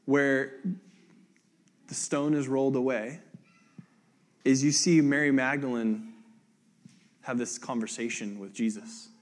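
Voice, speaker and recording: A man's voice: mid-range voice, darkish tone. Casual, conversational male pastor. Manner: conversational, acts out quoted voices, many "like" fillers. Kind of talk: casual sermon.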